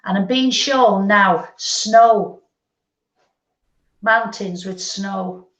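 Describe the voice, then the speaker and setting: A woman medium giving a gentle, unhurried psychic reading, relaying messages. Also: mid-range voice. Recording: lo-fi echoey stream audio.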